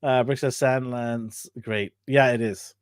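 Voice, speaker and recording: A man co-hosting a toy show in casual chat, reading viewer comments and teasing with quick jokes. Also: medium pitch, fairly even intonation, clean tone, no echo, clean studio sound.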